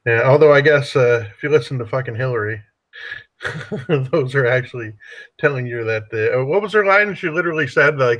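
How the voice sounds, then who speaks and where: A man's voice: mid-range voice, expressive, brisk, a bit bright, lo-fi sound. A man chatting casually on a podcast, rambling and swearing freely, tagging "dude" onto his sentences. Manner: profane, rambling, drops "dude" often. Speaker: podcast host. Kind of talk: casual political chat.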